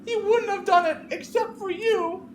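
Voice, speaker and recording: A woman's voice: extremely high pitch, unhurried, reverberant, noisy background, voice pushed up. A woman voicing a distraught young woman who screams accusations through tears. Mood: accusing. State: crying.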